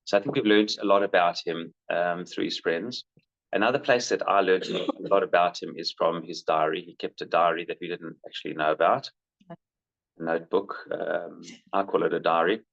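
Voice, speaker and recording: A man's voice: deep voice, steady tone, moderate pace, gravelly, fairly bright tone. A middle-aged man, telling stories about his son in a candid way and livening up when he quotes people. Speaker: father recounting his son. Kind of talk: conversational storytelling. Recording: muffled lo-fi recording.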